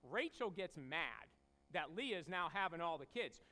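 A man preaching a sermon as pastor, telling the story in an animated way and acting out the characters' voices. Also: fairly high pitch, moderate pace. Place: church sanctuary.

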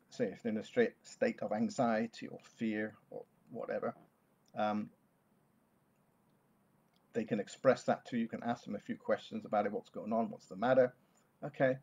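A man who works as a therapist, explaining a calming technique to parents in a gentle, reassuring talk to camera. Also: on the low side, muffled recording. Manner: gentle, reassuring, repeats soothing words. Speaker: therapist offering online sessions.

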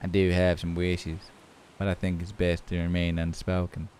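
A man voicing a creepy male stalker in a low, hushed, menacing tone. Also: completely flat delivery, moderate pace, clear, resonant tone, close to an everyday voice.

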